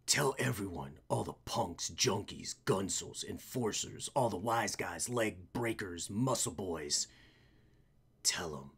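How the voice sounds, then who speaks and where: A man voicing a grim male vigilante hero with a low, gravelly growl, delivering slow, half-whispered threats. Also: lively intonation, a bit bright, heavily acted. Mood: menacing.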